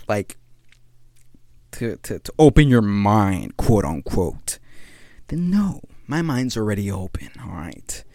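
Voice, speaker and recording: A man's voice: mid-range voice, wildly swooping pitch, measured pace, creaky, darkish tone, no echo, studio quality. A young man hosting his own podcast, chatting casually in a rambling, slang-heavy way with frequent laughs, a little tired. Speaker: podcast host. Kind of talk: casual solo monologue.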